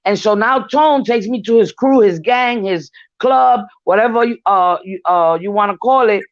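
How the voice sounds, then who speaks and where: An older woman talks openly and bluntly, swearing freely as she tells stories. Her voice sits at an ordinary middle pitch. The sound is dry and a bit muffled, like a lo-fi recording. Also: normal speed, dry recording. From New York. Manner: frank storytelling, swears freely. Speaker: guest speaker. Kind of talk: casual discussion.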